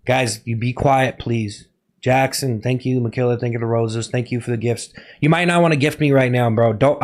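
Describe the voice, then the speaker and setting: A young man streaming to his chat, talking in a halting, over-earnest, mock-serious confession. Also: medium pitch.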